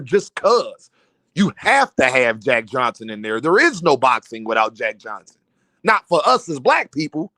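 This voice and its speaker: A man's voice: sits high, fairly bright tone, no room sound. A man hosting a livestream in casual commentary, emphatic and repeating his points straight to the chat. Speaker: livestream host. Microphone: streaming mic.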